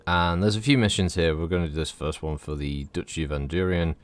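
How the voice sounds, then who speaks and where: A man's voice: low voice, brisk. A man giving casual, rambling commentary as he streams a game, swearing freely.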